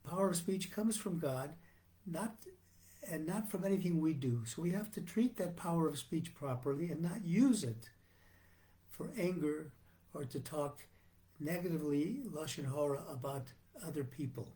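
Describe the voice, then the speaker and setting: A male rabbi giving a sermon on the weekly Torah portion in a measured, earnest teaching manner with frequent restarts. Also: fairly high pitch, warm tone.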